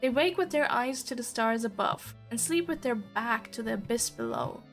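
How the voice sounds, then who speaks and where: Woman reading as a pompous noble gentleman. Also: on the high side, expressive, moderate pace, soft background music. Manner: flowery, formal and condescending. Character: pompous, elegant male city noble.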